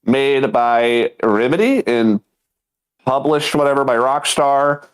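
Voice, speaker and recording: A man's voice: medium pitch, takes it slowly, clear, resonant tone. A man in his thirties co-hosting a casual comedy podcast. He tells stories with energy, acts out quotes and laughs often. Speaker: podcast co-host.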